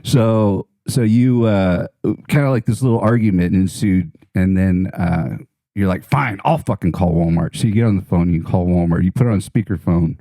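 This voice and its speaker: A man's voice: sits low, normal speed, dark tone, no echo. A man telling a rambling story in casual chat, swearing freely and laughing as he goes. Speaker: podcast guest.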